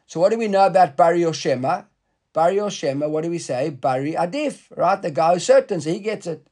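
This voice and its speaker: A man's voice: fairly high pitch, animated, brisk, darkish tone. A man teaching a Talmud class in a conversational way, often repeating words and asking the students questions.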